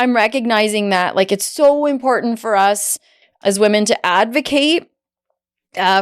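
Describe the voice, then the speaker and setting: A woman in her forties hosting a podcast conversation, her voice sitting at an ordinary middle pitch. She speaks in a reflective, heartfelt way, with halting starts and restarts as she searches for her words. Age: 40s. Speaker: podcast host. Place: podcast studio, seated across from guest.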